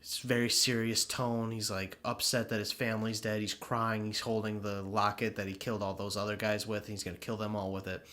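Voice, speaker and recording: A man's voice: lowish voice, flat delivery, fairly quick, few pauses, pushed and bright. A young man co-hosting a podcast in casual chat, rambling, laughing often and swearing freely. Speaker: podcast co-host.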